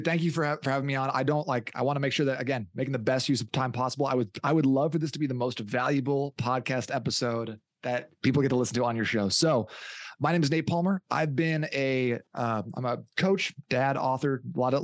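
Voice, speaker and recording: Dude guest on a podcast, mid voice, jokey storyteller, dry close mic. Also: male voice, medium pitch, fairly quick, dry recording. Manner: animated, jokey storyteller who acts out quotes. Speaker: fitness coach, guest. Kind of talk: casual interview storytelling.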